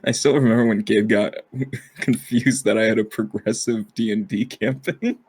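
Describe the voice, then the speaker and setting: A man's voice: lowish voice, fairly even intonation, moderate pace, darkish tone, slightly rough. A man co-hosting a casual podcast chat, rambling with lots of fillers and frequent laughter. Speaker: podcast co-host.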